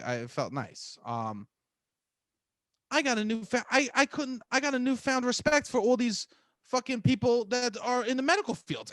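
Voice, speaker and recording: A young man co-hosting a podcast, telling stories in a loud, profane, swinging way. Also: no room sound. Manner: loud, profane, storytelling with big pitch swings. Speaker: podcast co-host. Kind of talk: casual chat.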